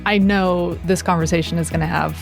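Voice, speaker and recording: A woman hosting a podcast, chatting casually and gently affirming her guest. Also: on the low side, steady tone, a little fast, vocal fry, soft background music. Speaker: podcast host. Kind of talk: casual interview chat.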